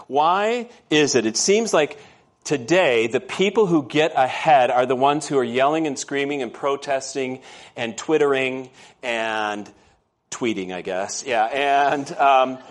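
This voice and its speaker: Man, pastor, conversational sermon, storytelling, asks questions, mid-pitched voice. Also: expressive, normal speed. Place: church.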